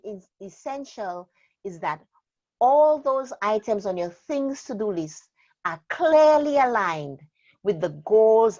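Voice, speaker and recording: A woman trainer talks through her method in a steady, emphatic way, slowing down to lean on key words. Her voice sits mid-range. The recording sounds slightly dull and lo-fi. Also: mid-range voice. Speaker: productivity trainer. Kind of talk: instructional interview talk.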